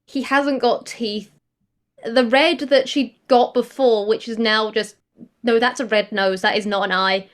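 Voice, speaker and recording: A woman's voice: on the high side, fairly even intonation, a little slow. A woman playing a tabletop game, narrating her character's actions in a playful, giggly way.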